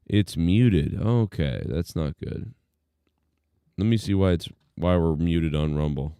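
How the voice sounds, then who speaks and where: A man with a low, mellow voice talks casually as the host of a live stream. His tone is smooth and dry, and he rambles along loosely, thinking out loud. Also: no room sound. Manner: laid-back, rambling, lots of fillers.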